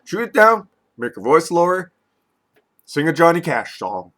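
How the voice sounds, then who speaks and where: Tipsy guy wrapping up a booze review, rambly and loud then quiet. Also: fairly high pitch, big pitch swings, a little slow. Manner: loose, rambling, swinging loud and soft. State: drunk. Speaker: liquor reviewer. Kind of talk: casual review vlog.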